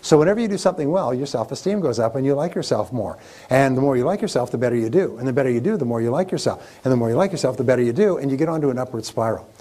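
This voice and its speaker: A man's voice: medium pitch, lively intonation, racing, warm tone. A man giving a live motivational seminar on sales, speaking emphatically, repeating key phrases and getting the audience to chant them back.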